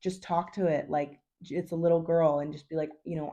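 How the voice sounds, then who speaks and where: A woman coach talks straight to camera in a loose, unpolished vlog style, blunt and peppered with swearing and endless "like"s. Her voice sits a little low, with a warm, mellow tone. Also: level tone, a little fast, few pauses. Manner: blunt, chatty, swears, says 'like' constantly. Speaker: hormone health coach. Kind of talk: casual advice vlog.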